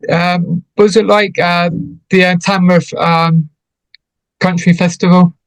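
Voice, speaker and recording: A male interviewer with a fairly high voice asks his questions haltingly, pausing on fillers. The recording is dry, with no echo. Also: little pitch movement. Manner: hesitant, many fillers. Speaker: radio interview host.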